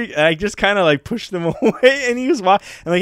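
A man's voice: high-pitched, fast, hardly any pauses, no room sound, studio quality. Male podcast co-host, casual storyteller who acts out other voices, clean resonant tone. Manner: animated storyteller, acts out voices, laughs often.

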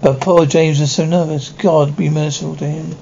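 Brief: a quiet, rambling old mourner with a gravelly tone, read by a man; dull, slightly noisy recording. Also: a little high, little pitch movement, normal speed. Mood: hushed. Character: elderly grieving woman, a priest's sister.

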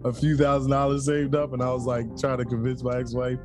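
A man's voice: mid-range voice, fairly quick, music in the background. A man in his thirties, a podcast co-host, telling stories in a casual chat and laughing often. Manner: animated, laughs often, storytelling.

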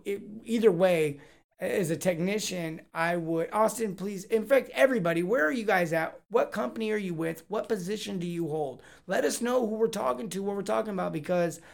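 Gravelly, joking man hosting a podcast. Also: high-pitched, brisk. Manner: joking, energetic, rambling. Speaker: podcast host. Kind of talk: casual live Q&A chat.

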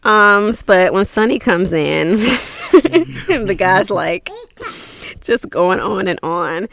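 Woman cohost, talks slow, voice goes up and down a lot, laughy recap chat. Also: mid-range voice, lively intonation, vocal fry, a bit bright. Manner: unhurried storyteller, laughs while recapping. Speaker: podcast co-host recapping a soap opera. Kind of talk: casual chat.

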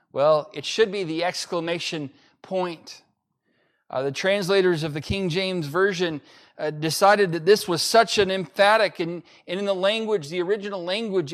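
A pastor preaching an emphatic sermon to a livestream audience, repeating key phrases with frequent fillers. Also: male voice, high voice. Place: church during livestream-only service.

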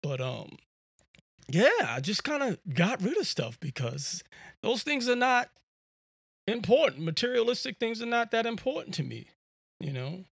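A man's voice: sits high, sing-song, normal speed, creaky, fairly bright tone, slightly rough, no echo, studio quality. A man hosting a podcast, telling a story in a casual, slangy way and often repeating words as he talks. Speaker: podcast host.

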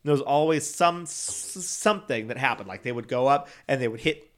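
A man's voice: medium pitch, normal speed. A young man telling a story in casual chat, rambling, swearing freely and laughing often. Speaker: podcast co-host.

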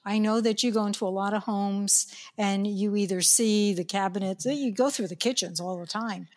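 A woman's voice: medium pitch, steady tone, moderate pace, a little mellow. A woman from New York leading a casual chat about kitchen design. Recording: long reverb in the room.

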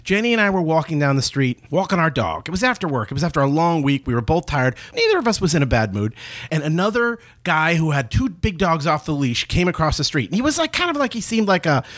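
A man's voice: on the high side, fast talker. A man co-hosting a talk show, telling a story in casual chat, laughing and acting out the people in it. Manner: animated, laughing, acts out quoted people. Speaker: podcast co-host.

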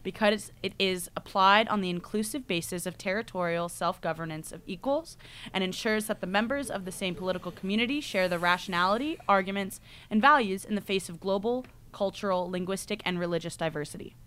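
A young woman, a university student, chatting casually on a podcast and telling a rambling, animated story full of "like"s. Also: mid-range voice, a little fast, clean tone. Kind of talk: casual chat.

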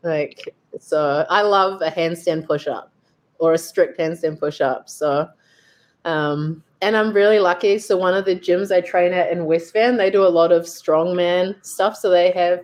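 A woman's voice: fairly low pitch, steady tone, unhurried, darkish tone. A young woman, a fitness coach telling a story in a casual, chatty way and acting out what she thought. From New Zealand. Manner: chatty, lots of "like" and acted-out self-quotes. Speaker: guest, fitness coach and athlete.

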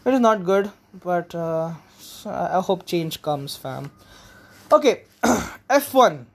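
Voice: medium pitch, animated, slow, gravelly. A young adult from India, hosting a casual solo podcast in a rambling, frank, sometimes profane manner. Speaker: podcast host.

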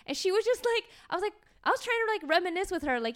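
A woman in her forties hosting a podcast, telling comedic stories in an animated, profane way and acting out quotes. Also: extremely high pitch, fast talker, hardly any pauses. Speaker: podcast host. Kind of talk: comedic storytelling.

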